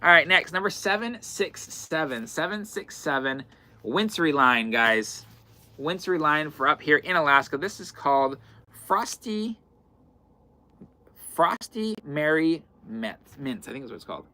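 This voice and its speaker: A man's voice: a little high, lively intonation, measured pace, pushed and bright. A man hosting a live-stream fabric sale, chatting casually and repeating item numbers as he goes. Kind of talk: live-stream sales chat. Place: indoor fabric shop in the far north.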